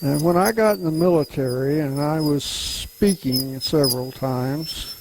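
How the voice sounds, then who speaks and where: An older man from Louisiana with a softened Southern US accent gives a casual demonstration talk as a woodturning club demonstrator. He is unhurried and folksy and chuckles often, his voice a bit high-pitched, with a noisy background.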